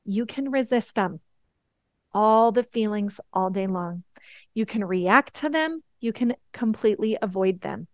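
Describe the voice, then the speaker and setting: A woman in her thirties hosting a motivational podcast, earnest and emphatic, slowing down on the words that matter. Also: medium pitch, expressive, a little mellow, no echo, highs cut off. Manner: earnest, emphatic, slows down for key points. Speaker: podcast host.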